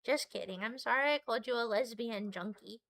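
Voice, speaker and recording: A woman's voice: on the high side, brisk, vocal fry, fairly bright tone, dry recording. A woman streamer reading a webcomic aloud and chatting to her viewers in a giggly, rambling, self-deprecating way. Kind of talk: casual live-stream reading with chat asides.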